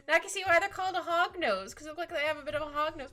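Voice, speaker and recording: A woman chatting casually with her stream while she draws, rambling, giggly and easily excited. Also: sits high, very fast, few pauses, soft background music. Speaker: streaming artist.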